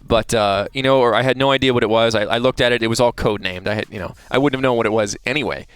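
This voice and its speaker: A man, a voice actor being interviewed, talking in a chatty, relaxed way with many restarts. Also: medium pitch, fast, smooth, no room sound. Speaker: voice actor guest.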